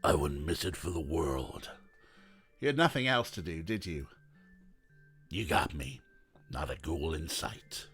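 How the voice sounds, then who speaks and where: A man voicing a gruff, weary middle-aged male detective with a rough, low voice and deadpan wisecracks. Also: unhurried, long pauses, soft background music, full character voice. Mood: dry.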